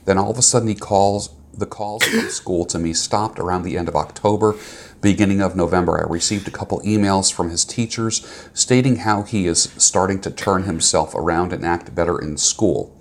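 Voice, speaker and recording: A man's voice: low-pitched, normal speed. A man on a YouTube video, talking to camera and earnestly reading a viewer's letter aloud.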